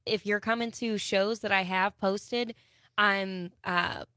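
A woman from Wisconsin, a singer-songwriter, chatting casually as a radio guest, with many ums and pauses. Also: mid-range voice, fairly even intonation, pushed and bright, no echo, clean studio sound. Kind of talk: casual interview chat. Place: radio studio.

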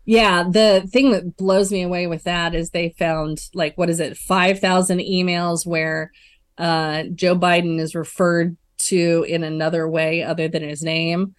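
A woman with a lowish voice co-hosts a political talk chat, emphatic and indignant, leaning on fillers as she thinks aloud. Her voice is close and dry. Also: flat delivery, measured pace, dry recording. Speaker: podcast co-host.

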